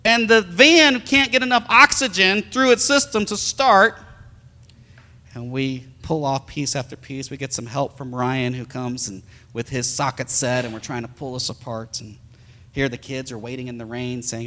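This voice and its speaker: A man, a pastor, telling a story in a sermon as an animated storyteller who acts out the sounds. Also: mid-range voice, normal speed, in a large hall.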